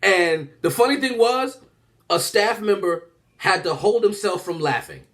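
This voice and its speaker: A man, a comedian, telling a lively personal story and acting out the other people in it. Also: high-pitched, unhurried. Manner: animated, acts out voices, swears freely. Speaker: stand-up comedian. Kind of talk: storytelling stand-up.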